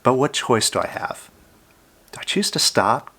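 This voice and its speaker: A man giving a calm self-help talk, coaching the listener directly and sometimes dropping to a soft, hushed voice. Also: medium pitch, a little slow, husky. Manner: drops to a soft near-whisper on "I love you, fear".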